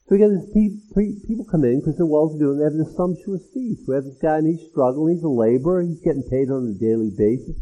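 A man preaching an expository sermon as pastor, animated and acting out the people in the text. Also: fairly high pitch, quick pace, hardly any pauses. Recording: tinny phone-like sound.

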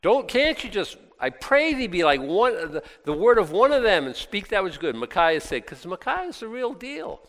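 A man preaching a sermon, reading scripture aloud and breaking into lively, sarcastic asides. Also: high-pitched, moderate pace, hardly any pauses. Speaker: pastor. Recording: long hall reverb.

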